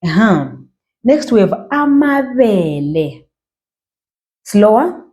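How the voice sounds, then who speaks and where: A Zimbabwean language teacher leads a beginner reading class in a slow pronunciation lesson, patiently stretching out each model word and checking in with "okay" and "all right." Her voice is lowish and mellow, expressive, and a little slow.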